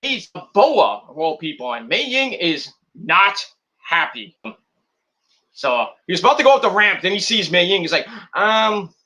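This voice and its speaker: A man's voice: high voice, big pitch swings, moderate pace, sharp tone. A man recapping and rating a wrestling show in a rambling, casual vlog, full of crude jokes and swearing.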